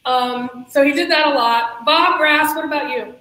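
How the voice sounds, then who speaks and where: A woman's voice: high voice, normal speed, bright, forceful tone. A woman moderating a panel, prompting each guest by name in a casual, friendly way. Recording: echoey room with faint hiss.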